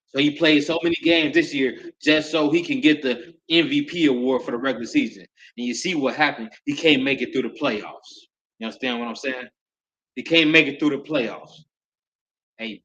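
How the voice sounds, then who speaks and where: A man hosting a nightly sports talk podcast, ranting loudly with repeated lines and sudden shouts. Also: mid-range voice, lo-fi sound. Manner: loud, repetitive hype with sudden shouts.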